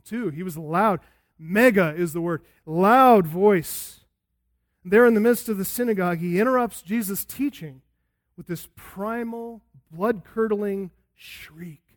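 A man preaching an expository sermon as a pastor, emphatic and swinging between loud and hushed delivery. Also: high-pitched.

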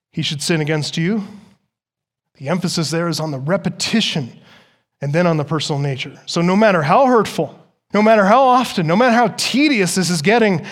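A man preaching a sermon as pastor, emphatic and full of rhetorical questions, rising loud and dropping soft. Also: high voice.

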